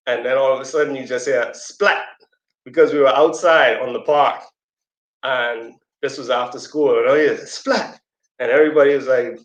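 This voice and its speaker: Man, casual teaching talk, storytelling, conversational fillers and asides, medium pitch, roomy echo. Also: normal speed, lo-fi sound. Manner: acts out quoted voices in a high squeaky pitch. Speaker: speaker at a community presentation.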